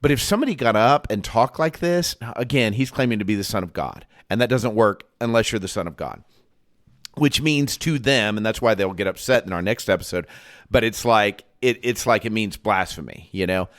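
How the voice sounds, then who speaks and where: A man's voice: on the low side, lively intonation, brisk. A man co-hosting a casual Bible discussion, thinking aloud with many restarts and acting out quoted lines. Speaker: podcast co-host.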